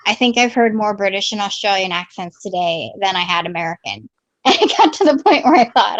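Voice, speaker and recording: A woman's voice: mid-range voice, expressive, fairly quick. A friendly woman co-hosting a live stream who keeps agreeing and reads viewers' comments aloud. The audio is a bit dull and lo-fi. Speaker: live-stream co-host reading chat. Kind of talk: casual live-stream chat.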